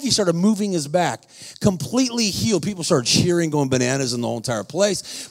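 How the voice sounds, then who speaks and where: A man preaching a sermon, telling stories in a slangy, fervent way that rises to shouts. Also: sits high, expressive, brisk. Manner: storytelling, rising to shouts.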